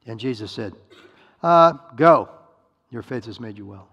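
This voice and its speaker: Male preacher, gravelly voice, storytelling sermon, long echo of a big hall. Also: lowish voice, fairly even intonation, quick pace, a little mellow, dull audio. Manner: storytelling, acts out voices, asks listeners questions.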